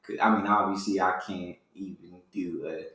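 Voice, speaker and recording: A man's voice: low-pitched, fairly even intonation, normal speed, bright, forceful tone. A man from the United States giving casual, slangy reaction commentary. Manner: laid-back, chatty, uses slang. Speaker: reaction video host. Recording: very echoey room.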